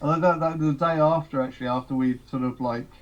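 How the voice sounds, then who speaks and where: A man's voice: mid-range voice, steady tone, quick pace, muffled recording. A man, a touring musician, telling rambling road anecdotes on a podcast, laughing and quoting people as he goes. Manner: rambling, laughs through anecdotes, quotes others. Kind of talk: casual podcast storytelling.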